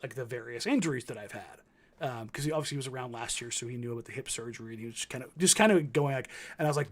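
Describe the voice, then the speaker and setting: A man's voice: medium pitch, a bit bright. A man in his thirties, co-hosting a casual sports talk show, telling stories with many fillers and restarts. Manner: rambling, filler-heavy storytelling. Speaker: co-host.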